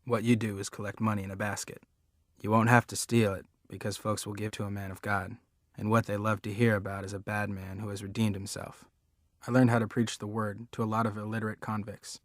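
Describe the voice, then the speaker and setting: A man's voice: lowish voice, no room sound, studio quality, natural voice. A man reading the part of a menacing ex-convict preacher father in an audiobook, with a sly, commanding drawl.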